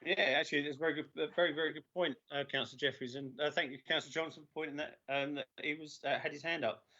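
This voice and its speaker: Gravelly man chairing a council meeting. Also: a little high, fairly even intonation, pushed and bright. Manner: halting, many filler sounds. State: losing his voice. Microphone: video call. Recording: dull lo-fi video call audio.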